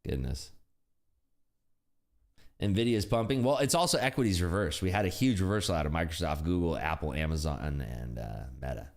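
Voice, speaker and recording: Male livestream host, deep voice that swings up and down a lot, loose jokey chatter, frequent laughter. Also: lively intonation, normal speed, creaky. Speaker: day-trading livestream host. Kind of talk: live trading commentary chat. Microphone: desk computer streaming setup.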